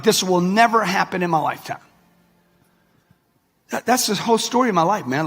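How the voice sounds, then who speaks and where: A man's voice: on the high side, creaky, fairly bright tone, husky. A man, giving a brash motivational talk to a live audience and calling out to the crowd. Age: 60s. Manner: brash, preachy, addresses the crowd directly with slang. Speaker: motivational speaker. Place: large hall before a live audience. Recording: echoey hall with music underneath.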